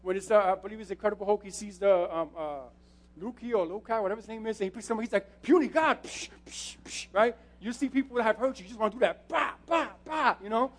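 A man's voice: high voice, very fast. A man preaching a sermon as a youth pastor, talking in a casual, slangy way and often checking in with the crowd with "right?".

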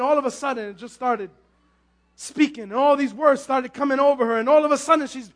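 A male pastor preaching a sermon with fervor, often repeating and stumbling over his words and breaking into shouts. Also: extremely high pitch, a little fast.

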